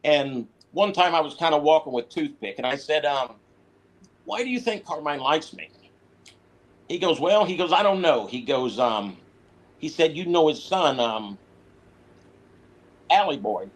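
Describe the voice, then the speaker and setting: A man's voice: a little high, unhurried, pauses often, poor audio. A man, a former prisoner, telling stories in a casual interview, quoting others as he goes. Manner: animated storyteller, quotes others in voice.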